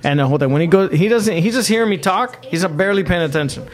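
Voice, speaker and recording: A man's voice: high voice, expressive, racing. Brash, profane man telling stories. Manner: blunt, profane, rambling anecdotes. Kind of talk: casual crude storytelling.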